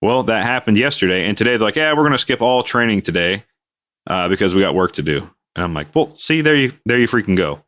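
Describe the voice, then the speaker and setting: A man's voice: fairly low pitch, quick pace, a bit bright. A man telling a work story in casual podcast chat, acting out the people he quotes with big jumps in his voice. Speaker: podcast co-host, aviation maintenance worker.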